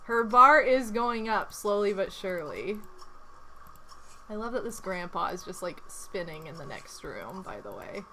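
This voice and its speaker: A woman doing casual gameplay commentary as a streamer, chatty and prone to loud exasperated outbursts. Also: mid-range voice, sing-song, unhurried, noisy background. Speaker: game streamer.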